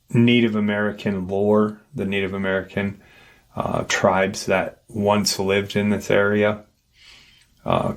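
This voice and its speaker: A man with a lowish voice recounting a paranormal encounter at a slow, deliberate pace. He talks hesitantly, restarting sentences and padding them with fillers as he retells what happened. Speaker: paranormal storyteller, channel host.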